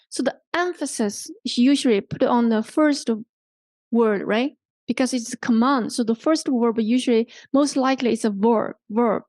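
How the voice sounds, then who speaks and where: A woman's voice: fairly high pitch, a little slow, a little mellow, dry recording. A woman with a Hong Kong English accent teaching a workshop on English intonation, patient and repetitive, checking in often with "okay?" and "right?". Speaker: language workshop instructor.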